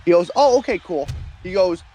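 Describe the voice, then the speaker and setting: A young man doing casual gaming commentary, telling stories and acting out quotes with lively energy. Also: sits high, fairly quick, slightly rough, faint music behind. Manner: animated storytelling, acts out quotes.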